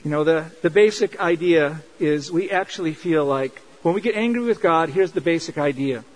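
A man's voice: a little high, moderate pace, few pauses, rough recording. A man preaching a sermon in an earnest, conversational way, driving points home with repetition. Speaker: pastor.

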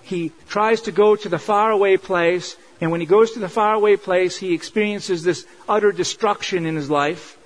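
High-voiced preacher giving an earnest sermon. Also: male voice, moderate pace, few pauses, rough recording. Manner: earnest, conversational preaching with emphatic repetition. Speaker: pastor.

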